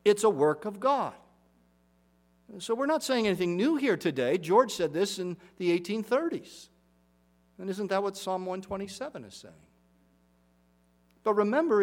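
A middle-aged man delivering a sermon from the pulpit. His voice sits a little high for a man, and he preaches earnestly, leaning on repeated phrases for emphasis. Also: a little mellow. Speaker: pastor.

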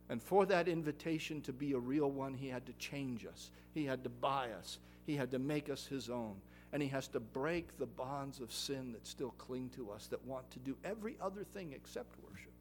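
A male pastor preaching a sermon in an earnest voice, rising louder and higher on his exhortations, then closing in prayer. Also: animated, moderate pace, a little hiss or hum.

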